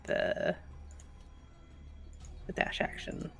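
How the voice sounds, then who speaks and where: A woman playing a tabletop game, describing her moves slowly and deliberately. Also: soft background music. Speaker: player. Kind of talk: casual tabletop game chat.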